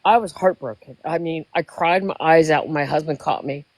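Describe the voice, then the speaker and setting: A woman's voice: deep voice, fairly quick, a crowd in the background, low-quality recording. A woman in her sixties telling a long emotional story in casual chat, rambling. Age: 60s. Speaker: guest.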